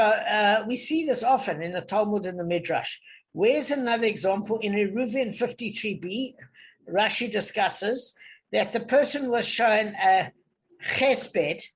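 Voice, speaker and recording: Male study leader, patient and digressive, call audio. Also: high voice. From South Africa. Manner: patient, digressive explaining, often checks understanding. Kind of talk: online group Talmud lesson.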